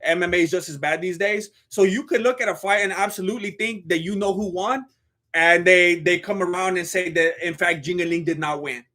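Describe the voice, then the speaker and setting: A man's voice: high voice, a little fast, bright, forceful tone. Blunt, joking man hosting a live stream. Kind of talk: live fight commentary stream.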